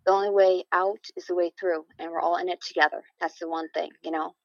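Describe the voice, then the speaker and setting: A woman's voice: fairly low pitch, level tone, quick pace, creaky, dry recording, highs cut off. A woman from upstate New York, a singer and live streamer, talking about herself upbeat and enthusiastically as a guest. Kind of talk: casual interview.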